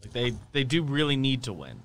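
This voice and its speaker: Casting: male podcast co-host, measured sports talk, bright tense voice. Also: medium pitch, sing-song.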